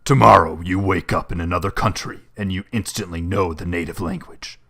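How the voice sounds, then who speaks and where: A man putting on the voice of a grisly male movie trailer announcer while commentating on a video game, gravelly and booming. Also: brisk, bright, forceful tone, exaggerated voice. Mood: dramatic. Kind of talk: gaming commentary.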